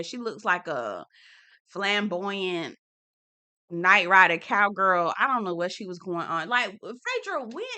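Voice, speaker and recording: A woman's voice: medium pitch, bright, forceful tone, smooth. A woman with a Southern US accent giving a sassy, dramatic recap of a reality TV episode, talking straight to her viewers. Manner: sassy, dramatic, laughs often, talks to viewers.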